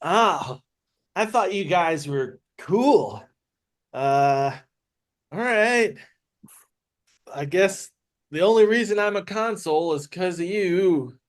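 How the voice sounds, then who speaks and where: A man's voice: a little high, big pitch swings, extremely slow, hardly any pauses, pitched above the performer's own voice, heavily acted. A man voicing a whiny, self-pitying male city consul who pleads in an exaggerated way. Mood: hurt.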